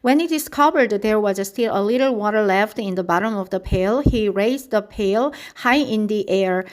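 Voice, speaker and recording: A woman reading a children's storybook aloud at a steady, careful pace. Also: medium pitch, normal speed.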